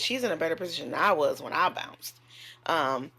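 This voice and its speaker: A woman's voice: deep voice, lively intonation, brisk, bright, forceful tone, breathy edge. A woman who works as a nurse, telling a story to her camera in a candid, chatty way and cursing freely. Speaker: nurse and vlogger.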